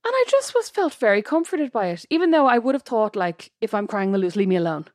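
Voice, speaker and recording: A woman's voice: on the high side, very animated, quick pace, a little mellow, dry recording, studio quality. A woman co-hosting a casual chat podcast, talking things through with lots of "like" and "you know". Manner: reflective, talks things through with many fillers. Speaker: podcast co-host.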